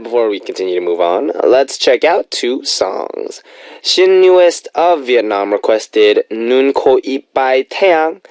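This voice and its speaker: A man's voice: mid-range voice, a little mellow, no room sound. A man hosting a music radio show, chatting casually and playfully between songs in a studio. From United States. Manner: chatty, playful, upbeat asides. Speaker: radio DJ and host.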